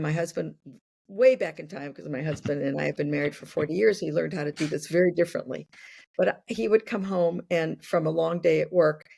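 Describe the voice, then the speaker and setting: A woman in her sixties, a podcast guest, explaining ideas through worked examples in a relaxed conversational way. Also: sits low, gravelly, breathy edge. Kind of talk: conversational interview.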